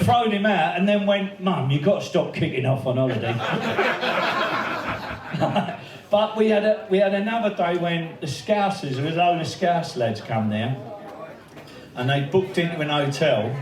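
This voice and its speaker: A man's voice: on the high side, a little slow. A man giving a laughing, swear-filled anecdotal speech to a crowd in a pub, acting out the other people's lines as he goes. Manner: swearing, laughing storyteller who acts out the quoted voices. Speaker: speaker at a memorial birthday event. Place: pub function room. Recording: echoey room, heard from a distance.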